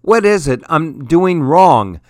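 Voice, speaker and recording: A tiny hedgehog boy, cheerful but worried, asks his questions earnestly in a raised, lively voice, as a man puts him on. The sound is dry and close for a storybook reading. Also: on the high side, takes it slowly, dry recording, voice pushed up.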